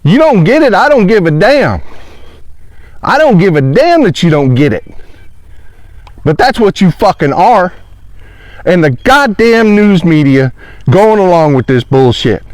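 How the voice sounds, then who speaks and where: A man's voice: high voice, very animated, a little slow, pauses often, no echo. A man delivering an angry, profane rant outdoors, repeating insults at his listeners. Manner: furious, swearing, repeating insults. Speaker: online commentator. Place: outdoors in a pond.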